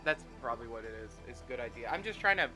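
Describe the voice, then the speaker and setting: A man's voice: mid-range voice, expressive, fast talker, pushed and bright, soft background music. A young man commentating on a video game he is playing, rambling and joking, now and then slipping into mock voices. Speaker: gaming commentator. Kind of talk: let's play commentary.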